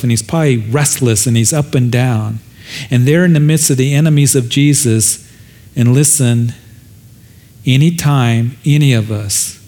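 A man's voice: mid-range voice, a little mellow. A male pastor preaching a sermon, retelling scripture dramatically and repeating his key points for emphasis.

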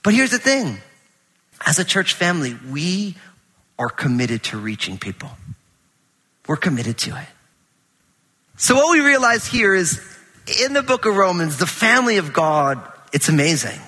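A middle-aged man preaching a conversational sermon in a large church auditorium, animated and full of anecdotes with quoted dialogue. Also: high voice, normal speed, pauses often, big-room sound. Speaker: pastor.

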